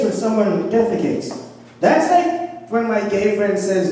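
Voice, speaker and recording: A man from doing an animated stand-up set on a club stage, often laughing at his own jokes. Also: high-pitched, unhurried, a little hiss or hum. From South Africa. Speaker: stand-up comedian. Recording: echoey club from far off.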